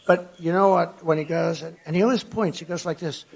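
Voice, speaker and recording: An older man giving a rambling rally speech to a conference crowd, with mocking asides, swinging between loud and low. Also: fairly even intonation, brisk, gravelly. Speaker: political speaker at a conference. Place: large conference hall before an audience.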